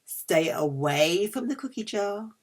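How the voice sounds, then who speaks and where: A woman's voice: mid-range voice, lively intonation, measured pace. A middle-aged woman chatting casually through a food haul, cheeky and self-mocking. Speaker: vlogger.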